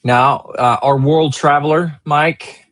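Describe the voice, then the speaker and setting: A man's voice: fairly high pitch, steady tone, slow, a bit bright, no echo. A man hosting a casual chat show, thanking his guests and giving an earnest sign-off. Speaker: host.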